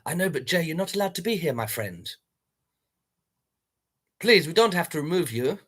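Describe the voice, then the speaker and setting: A man's voice: a little high, sing-song, moderate pace, a bit bright, husky. A man hosting a livestream, chatting casually and talking straight to his viewers. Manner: chatty, addresses viewers directly. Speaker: livestream host.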